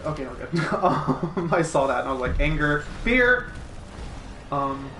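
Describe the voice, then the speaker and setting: A young man with a fairly high voice chats as a podcast guest, halting and restarting with lots of ums. His voice rings in a roomy, echoing space, with a faint hiss underneath. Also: fairly bright tone. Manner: hesitant, halting speech full of ums while playing a game. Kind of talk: casual gaming podcast chat. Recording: echoey room.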